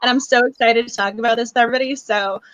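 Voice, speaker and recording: A woman's voice: on the high side, steady tone, racing, a bit bright, rough recording. A woman hosting a book club live stream in casual chat, bubbly and gushing, close to tears with emotion. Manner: bubbly, gushing, laughs often.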